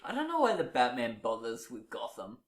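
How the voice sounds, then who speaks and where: A man chatting casually on a podcast, lively and full of "like". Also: mid-range voice, fairly quick, roomy sound, slight background noise. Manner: lively, chatty, uses lots of "like". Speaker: podcast co-host. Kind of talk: casual chat.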